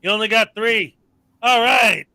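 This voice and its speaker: High, bright-voiced ranting man. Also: measured pace, dry recording, low-quality recording. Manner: ranting, reels off long lists. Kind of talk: casual live-stream chat.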